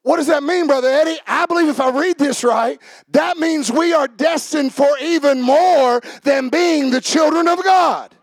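A man preaching a sermon as pastor, swinging from quiet joking asides to shouted preaching and calling out to the congregation. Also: very high-pitched, moderate pace, dry recording. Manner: talks back and forth with the congregation. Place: church service.

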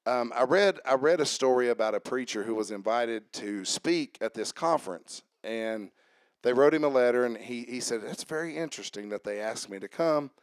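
A man preaches in church in a folksy, conversational way, dropping "um"s and asking the congregation "amen?". His voice sits at a middle pitch. The sound is dry and close, with little room echo. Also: expressive, normal speed. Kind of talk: sermon. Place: church sanctuary.

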